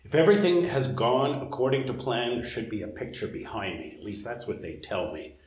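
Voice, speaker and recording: A man's voice: mid-range voice, sing-song, fairly quick, a little mellow, echoey room, rough recording. A middle-aged man, a senior lecturer, giving a friendly, chatty presentation to prospective students with frequent "uh" fillers.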